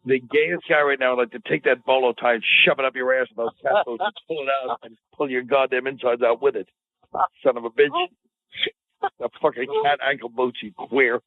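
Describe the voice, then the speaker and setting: A man's voice: medium pitch, steady tone, brisk. Sarcastic man on a tinny line. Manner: sarcastic, needling. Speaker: podcast co-host. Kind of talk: casual profane banter. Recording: phone-like lo-fi audio.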